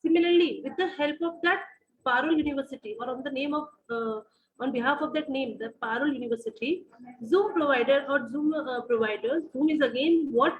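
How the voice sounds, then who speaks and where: A woman with an Indian English accent gives an online university lecture in a high, fairly quick voice, peppering her speech with "uh," repeating phrases, and quizzing her students. The audio is somewhat dull and lo-fi, like a video call.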